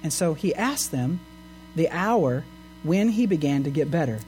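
A man's voice: a little high, expressive, unhurried, a little mellow, slight background noise. A man pastor preaching a sermon in an earnest way, asking his listeners questions. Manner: earnest, asks the congregation rhetorical questions.

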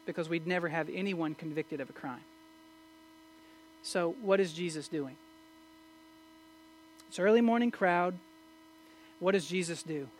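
A man preaching a sermon, swinging from loud emphatic questions to low, quiet asides. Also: unhurried, pauses often. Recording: mains hum in the background.

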